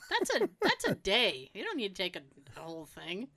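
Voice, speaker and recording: A woman tells an animated story in casual conversation, laughing often and acting out the people she quotes. Her voice is medium-pitched and a little slow.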